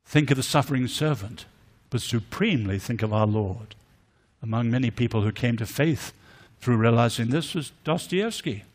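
A man's voice: medium pitch, moderate pace. An older man with a British accent giving an apologetics lecture, telling stories and rising to emphatic force on key words. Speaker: conference speaker.

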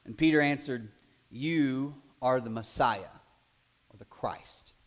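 A man preaching a sermon in a conversational way, building to loud, emphatic passages and acting out quoted voices. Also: mid-range voice, takes it slowly. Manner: acts out quoted voices in asides. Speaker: pastor.

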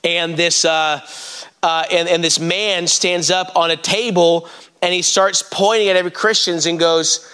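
A man's voice: high voice, steady tone, a little slow, bright, forceful tone, clear, resonant tone. A man preaching a sermon, telling stories and talking straight to the congregation. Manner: storytelling, addresses the congregation directly.

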